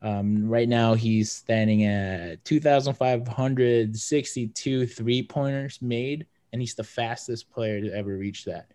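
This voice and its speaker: A man's voice: medium pitch, fairly even intonation, measured pace, hardly any pauses, warm tone. A young man co-hosting a casual sports podcast, talking loosely with many fillers. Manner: rambling, lots of fillers. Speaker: podcast co-host.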